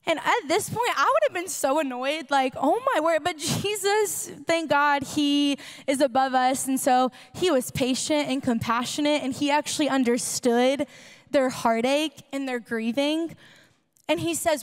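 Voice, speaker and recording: A woman's voice: high voice, expressive, measured pace, long reverb tail. A woman youth pastor giving a sermon, chatty and conversational, acting out quoted dialogue and rising to passionate preaching. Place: church hall.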